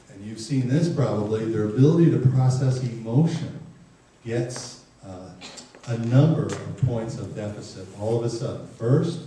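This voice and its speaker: A man giving a humorous talk to parents, acting out quick exchanges between parents and teens. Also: medium pitch, dark tone, slight background noise. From Ireland. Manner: jokey, acts out parents and teens in quick voices. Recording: far, echoey hall recording.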